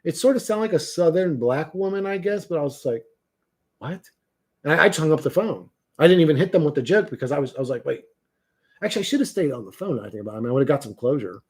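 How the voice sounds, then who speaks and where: A man's voice: fairly high pitch, animated, quick pace, breathy edge. A man hosting a livestream, talking bluntly and profanely in a rambling, casual way with frequent restarts. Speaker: livestream host.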